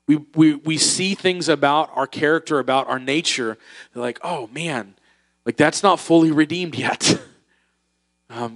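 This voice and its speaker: A man's voice: a little high, a bit bright. Conversational male pastor preaching. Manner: conversational, with filler words and acted-out voices. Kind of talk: sermon. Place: church.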